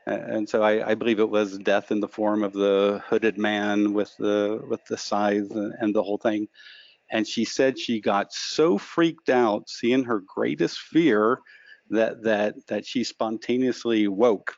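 A man's voice: fairly low pitch, fairly even intonation, unhurried, gravelly, dry recording, lo-fi sound. A man being interviewed as an author, telling stories reflectively and often stammering and repeating words. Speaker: interview guest, lucid dreaming author. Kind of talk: reflective storytelling.

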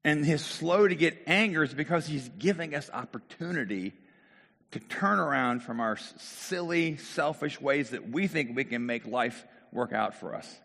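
A middle-aged male pastor gives a conversational sermon, asking rhetorical questions and restarting his sentences as he goes. His voice has a slightly husky edge. A long reverb rings around him, as in a large hall. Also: on the high side, moderate pace, a bit bright.

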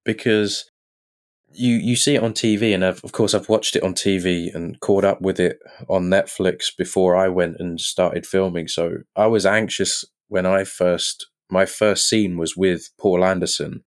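A man, an actor guest on a podcast in a pub, telling lively anecdotes and acting out what others said. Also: deep voice, measured pace. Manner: lively storyteller who acts out quoted lines.

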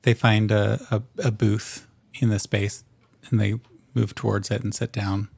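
A male game master narrating a tabletop game, describing scenes unhurriedly with many ums. His voice has a gravelly edge. The recording is dry and close. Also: on the low side, level tone, unhurried, darkish tone, dry recording.

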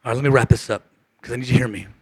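A male pastor preaching a passionate sermon to his congregation, calling for responses and swinging between shouts and hushed lines, his voice going hoarse. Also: mid-range voice, fairly even intonation, very fast. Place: church sanctuary.

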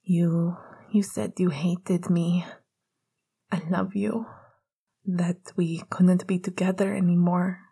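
A woman softly voicing an anxious young man just woken from a nightmare, in a whispered role-play, shaky and pleading. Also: lowish voice, flat delivery, slow, long pauses, breathy edge, full character voice. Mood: shaken.

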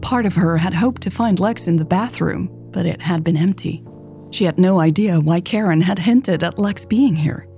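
A woman narrating a romance story in a calm, gentle and intimate reading. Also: lowish voice, moderate pace, faint music behind.

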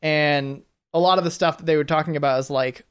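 A man's voice: fairly high pitch, steady tone, a little fast, smooth. A man co-hosting a podcast in casual chat, hesitant, filling his talk with "like" and restarts. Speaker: podcast co-host.

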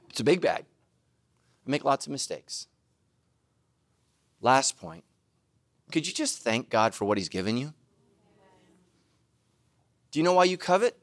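Animated, laughing male preacher. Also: on the high side. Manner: animated, joking and laughing at himself; bursts into loud shouted asides. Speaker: pastor. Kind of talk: sermon.

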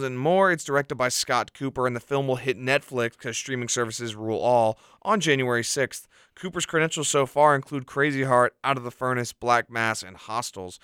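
Male podcast host, lively and chatty, clean voice, dead-dry sound. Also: mid-range voice, smooth, no echo. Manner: chatty, animated, lots of "like". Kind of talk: casual podcast chat, reading news.

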